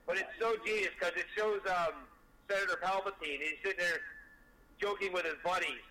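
A man co-hosting a casual podcast, retelling clips excitedly and swearing heavily. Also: high-pitched, a little fast, slight background noise, low-quality recording. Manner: excitable storyteller, heavy swearing. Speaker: podcast co-host. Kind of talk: casual chat.

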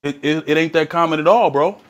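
Emphatic higher-voiced man saying "bro". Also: brisk. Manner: emphatic, punchy, ends lines with bro. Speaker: podcast co-host. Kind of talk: casual podcast conversation.

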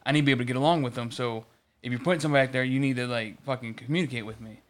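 A man's voice: medium pitch, fairly even intonation, rapid-fire. A man in casual chat, telling a long story about work with lots of restarts and swearing. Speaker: podcast co-host.

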